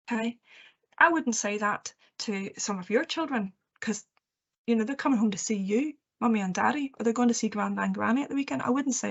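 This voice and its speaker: A woman's voice: a little high, moderate pace, pauses often. Earnest woman giving teacher training. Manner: earnest, reassuring, with frequent okays and ums. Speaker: education trainer. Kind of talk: training presentation. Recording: muffled lo-fi recording.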